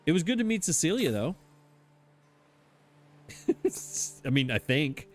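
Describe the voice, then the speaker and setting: A man's voice: on the high side, sing-song, takes it slowly, faint music behind. A man giving casual, self-mocking commentary as he plays a game, chatting and laughing at himself as he goes. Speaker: let's play host.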